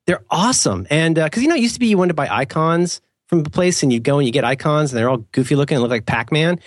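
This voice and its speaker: A man's voice: a little high, expressive, quick pace, no echo, clean studio sound. A man co-hosting a podcast in casual chat, rambling and self-mocking with playful mock-formal asides. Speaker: podcast co-host.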